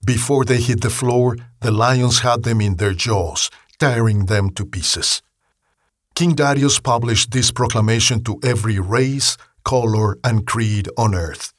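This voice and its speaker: A man reading a Bible story aloud in a slow, measured storytelling manner. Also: mid-range voice, no room sound, studio quality. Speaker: narrator. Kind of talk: scripted Bible story narration.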